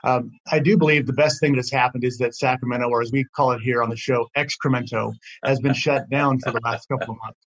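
A man's voice: medium pitch, fairly even intonation, quick pace, hardly any pauses, a bit bright, lo-fi sound. Man hosting a talk radio show. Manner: conversational, jokey, recaps points for listeners.

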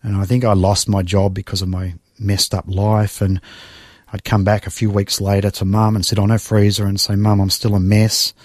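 A man's voice: fairly low pitch, level tone, moderate pace, a little mellow, dry recording, studio quality. A middle-aged man, recounting a personal story in an interview, emotional and reflective, sighing and restarting as he goes. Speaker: guest. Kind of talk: personal testimony in conversation.

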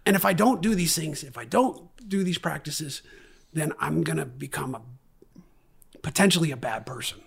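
A man's voice: fairly high pitch, normal speed, gravelly, fairly bright tone, breathy edge. A man talking candidly and profanely about his life as a graffiti artist in a casual podcast conversation. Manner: profane, candid, heated storytelling.

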